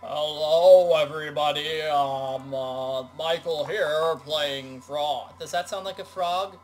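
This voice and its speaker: A man voicing a slow, low-drawling male frog while game music plays behind him. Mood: slow, croaky.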